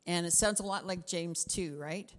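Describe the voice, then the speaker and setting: Middle-aged Canadian woman pastor, lower voice, expressive sermon delivery with dips into whispers, echoing hall. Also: moderate pace. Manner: expressive, drops to whispers for emphasis.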